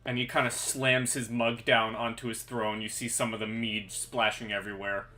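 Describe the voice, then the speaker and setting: A man narrating a tabletop role-playing game as game master, describing scenes in the second person at an unhurried pace. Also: fairly low pitch, flat delivery, bright, forceful tone.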